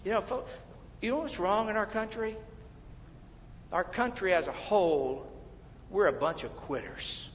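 A man preaching a fervent sermon as pastor of a church, swinging from shouted lines to hushed asides. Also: sits high, a little slow, slight background noise. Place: church sanctuary. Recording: dull, lo-fi, with long hall reverb.

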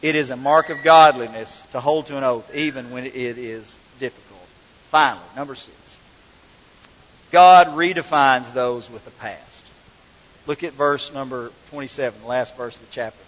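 A middle-aged pastor preaching a sermon, mixing folksy storytelling with emphatic points, in an echoey hall with dull sound. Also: male voice, mid-range voice, normal speed.

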